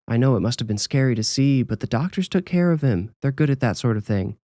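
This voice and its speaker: A man's voice: medium pitch, fast talker, mellow, dry recording, studio quality, pitched above the performer's own voice, natural voice. A man voicing a middle-aged mother who is cool and commanding, in a raised, feminine voice for a spoken horror story. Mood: comforting. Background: music.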